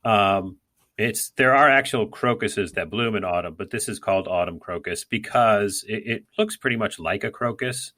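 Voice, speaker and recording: A man's voice: fairly low pitch, moderate pace, pushed and bright. A man co-hosting a podcast, talking casually and rambling with many fillers and restarts. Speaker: podcast co-host. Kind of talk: casual gardening chat.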